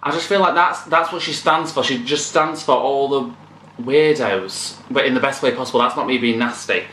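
A man hosting a casual album reaction, excitable and swearing, now and then singing along. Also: mid-range voice, moderate pace, slight background noise. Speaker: music reaction channel host. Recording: echoey room with loud music behind. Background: music playing.

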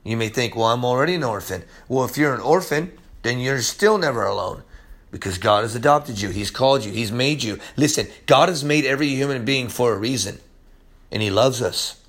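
With a mid-range voice at normal speed, a man delivers an excitable, emphatic Bible lesson in a laid-back, slangy style. His volume keeps shifting between loud outbursts and quiet lines.

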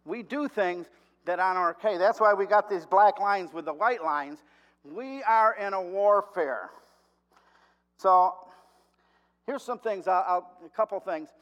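Folksy high-voiced older preacher man. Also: unhurried, a bit bright, in a large hall, highs cut off. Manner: folksy, repeats key phrases. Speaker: lay preacher. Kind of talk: sermon.

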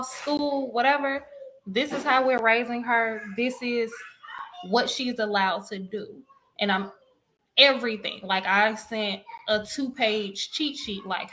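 Emphatic mother, casual panel talk, acts out dialogue, slightly high voice. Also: slow pace, bright, forceful tone, a little hiss or hum, poor audio. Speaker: parent panelist.

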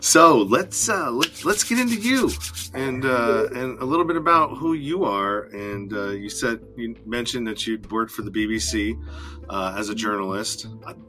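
A man's voice: mid-range voice, lively intonation, moderate pace, bright, forceful tone, faint music behind. An American man hosting a casual interview, talking loosely with plenty of fillers. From United States. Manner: loose, rambling, frequent fillers and laughs. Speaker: host, interviewer.

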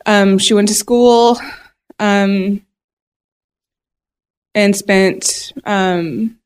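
Slow, hesitant woman full of ums. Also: mid-range voice, steady tone, clean tone. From Buffalo, New York. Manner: hesitant, many ums, soft-spoken. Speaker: podcast guest. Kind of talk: casual interview chat.

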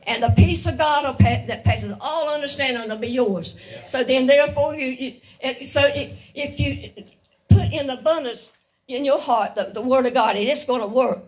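A woman's voice: sits high, moderate pace, distant mic, rough recording. A woman giving a guest sermon, earnest and repetitive, often laughing lightly between her points. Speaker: guest speaker.

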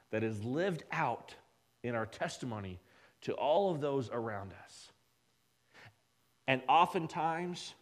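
A man preaching a sermon, emphatic, often dropping his voice low and quiet for weight. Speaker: pastor.

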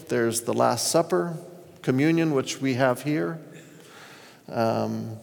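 A man's voice: a little high, gravelly, darkish tone. A man preaching a sermon as a pastor, retelling scripture stories in an earnest way. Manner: earnest storytelling, reads scripture aloud. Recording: long reverb of a hall.

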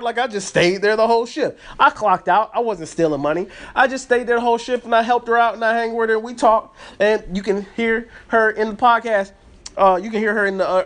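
Rambling man venting on a podcast. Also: high voice. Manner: rambling, animated, frequent fillers and restarts. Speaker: podcast host. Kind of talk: casual storytelling rant.

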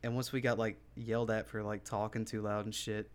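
A man's voice: lowish voice, little pitch movement, brisk, clear, resonant tone. A young man co-hosting a podcast, telling a story casually with lots of swearing and laughter. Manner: laid-back, profane, laughs often. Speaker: podcast co-host.

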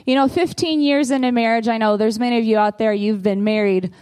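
A woman in her thirties with a Southern US accent, telling her side of the story in a lively, laughing way during a sermon. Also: on the high side, a little fast, clear, resonant tone. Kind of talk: sermon told as a couple's story.

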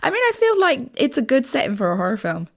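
A young woman co-hosting a podcast in casual chat, hoarse after losing her voice, giggly and lively. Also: sits high, fast. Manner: giggly, lively, short agreements. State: hoarse, lost voice from shouting. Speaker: podcast co-host.

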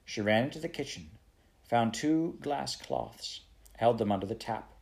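A man reading a children's novel aloud in a steady storytelling manner. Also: medium pitch, measured pace, vocal fry. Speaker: audiobook reader.

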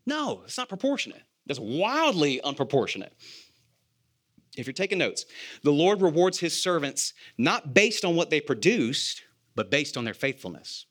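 A man's voice: fairly high pitch, big pitch swings, normal speed, a bit bright. A man, an elder candidate, preaching a sermon in an earnest, conversational way, asking rhetorical questions, repeating key phrases and making a self-deprecating joke now and then.

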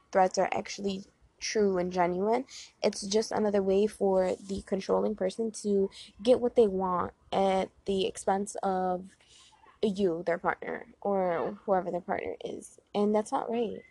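Chatty young woman with a husky voice. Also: medium pitch, a little mellow, no echo. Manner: chatty, earnest, many "like" fillers. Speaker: relationship advice vlogger. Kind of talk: casual talk to camera.

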